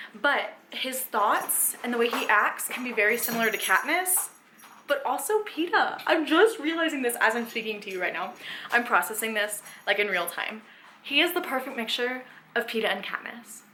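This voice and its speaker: A young woman with a lilt talks in a slightly high voice. She gushes and exclaims dramatically, chatting to her viewers like a friend. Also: a little hiss or hum. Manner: gushing, dramatic, breathless with excitement. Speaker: book vlogger. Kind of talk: excitable reading vlog chat.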